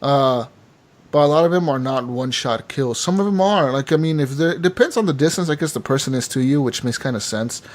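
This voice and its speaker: A man co-hosting a gaming podcast, chatting casually and excitedly, swearing freely and calling people "dude" and "man.". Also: medium pitch, brisk. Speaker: podcast co-host.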